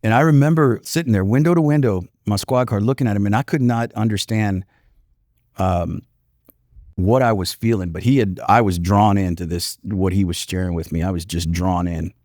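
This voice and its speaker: A man in his fifties with a deep, low voice recounts a personal story as a podcast guest. He speaks in an earnest, reflective way, often pausing with "you know." The recording sounds close and dry, with no room echo. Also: a little mellow. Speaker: podcast guest, retired police commander.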